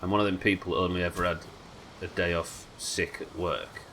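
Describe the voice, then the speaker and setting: A man's voice: low voice, level tone, a little fast, fairly bright tone, a little hiss or hum. A man with a Yorkshire accent chatting casually and swearing freely while streaming a game. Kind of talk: casual live-stream chat while gaming.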